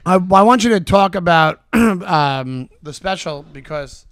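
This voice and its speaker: A man co-hosting a podcast, with a high voice that is dry and close with no room sound. He chimes in often with quick, agreeable interjections and laughs easily. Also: lively intonation, fairly bright tone, no echo. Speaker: podcast co-host. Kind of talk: casual podcast chat.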